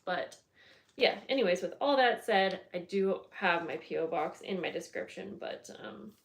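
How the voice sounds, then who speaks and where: A woman's voice: lowish voice, a little hiss or hum. A woman hosting a casual crafting livestream, chatting in a rambling, friendly way with lots of fillers and restarts. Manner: friendly, greets viewers by name. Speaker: craft channel host.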